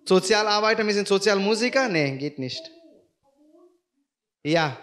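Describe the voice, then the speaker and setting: A man hosting a casual bilingual livestream chat, pausing to search for words, with many fillers. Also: high-pitched, animated, a bit bright. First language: German. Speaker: livestream host.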